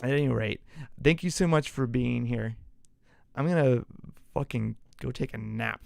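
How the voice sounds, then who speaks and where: A young man hosting a sports show, talking in an excitable, profane, pumped-up way. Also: mid-range voice, moderate pace, gravelly, dry recording, studio quality. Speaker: sports podcast host. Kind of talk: casual hyped-up sports talk.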